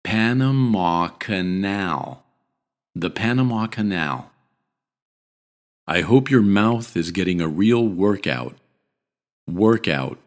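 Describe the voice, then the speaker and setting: A man teaching pronunciation in a scripted video lesson, repeating each word deliberately and clearly. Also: low voice, expressive.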